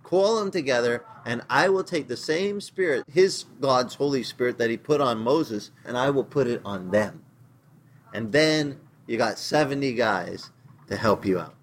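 A man's voice: medium pitch, measured pace, a little hiss or hum. A male pastor giving a casual, conversational sermon in plain, slangy words, acting out the voices he quotes as he tells the story.

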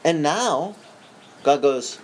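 A man preaching a sermon, telling the story in a lively, joking way, with frequent restarts. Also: fairly high pitch, very slow, slight background noise, rough recording. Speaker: pastor.

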